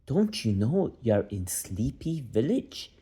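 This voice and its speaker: A man's voice: mid-range voice, very animated, slow pace, dark tone, husky, voice pushed up, full character voice. A father voicing a thin, fierce old man from a fairy village who scolds a noisy boy. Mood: scolding. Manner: hissing, scolding. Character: thin fierce old male hushing brownie.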